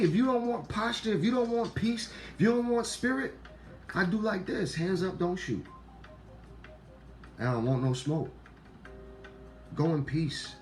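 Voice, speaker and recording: A man with a deep voice and a Black way of talking, giving a casual, preachy monologue to viewers. He repeats lines for emphasis and swears freely, jumping from loud outbursts to low murmurs. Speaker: online talk host.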